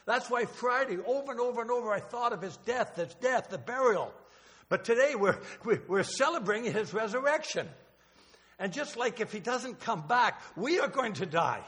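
A man's voice: extremely high pitch, expressive, moderate pace, a bit bright. An older man preaching a sermon in a church, emotional and rambling, with restarts and asides. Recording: long hall reverb.

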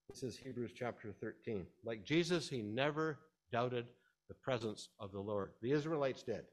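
A man preaching a sermon, explaining scripture in a teaching tone and rising to emphatic, animated stresses. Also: medium pitch.

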